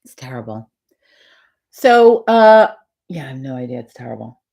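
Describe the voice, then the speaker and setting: A woman's voice: a bass voice, very animated, moderate pace, creaky, darkish tone. A woman hosting a casual morning livestream, chatting with viewers in a rambling, profane way. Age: older. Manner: chatty and profane, laughs often. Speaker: livestream host.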